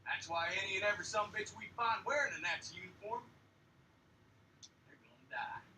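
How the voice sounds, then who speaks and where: A man's voice: high-pitched, animated, a little fast, pushed and bright, slight background noise, exaggerated voice. An actor playing a tough Southern American army lieutenant who drawls and swaggers as he rallies his men, with a Southern accent. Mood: gruff. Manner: drawling, gruff, swaggering speech. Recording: film clip played in an echoey room from far off.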